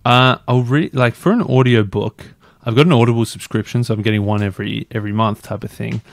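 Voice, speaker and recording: A man's voice: medium pitch, fairly even intonation, fairly quick, gravelly, no echo. A man guest on a podcast, talking casually and rambling with lots of fillers and restarts. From Australia. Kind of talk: casual interview chat.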